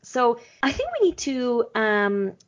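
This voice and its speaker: A woman's voice: on the high side, lively intonation, slow. A woman hosting a podcast, chatting playfully with her guest and her listeners. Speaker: podcast host. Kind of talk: casual chat. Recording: slightly dull lo-fi podcast audio.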